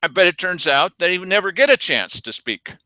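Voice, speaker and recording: A man's voice: high-pitched, big pitch swings, brisk, pushed and bright, no echo. A man hosting a local news commentary show, talking casually and quoting people in mocking voices.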